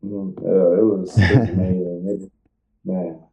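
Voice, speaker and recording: A young man, a college football player, answering interview questions in a halting, casual way, often restarting his sentences. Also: low-pitched, fairly even intonation, vocal fry, mellow, highs cut off. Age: young adult.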